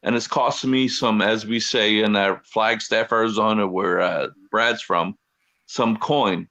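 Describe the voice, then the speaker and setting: A man's voice: on the low side, fairly even intonation, unhurried, sharp tone. A man from Philadelphia co-hosting a live web show, chatty and joking as he tells a story in a rush. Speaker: co-host.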